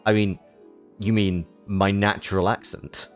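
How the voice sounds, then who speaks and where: A man's voice: lowish voice, level tone, measured pace, soft background music. A man streaming a game, rambling in a self-mocking way as he comments on it.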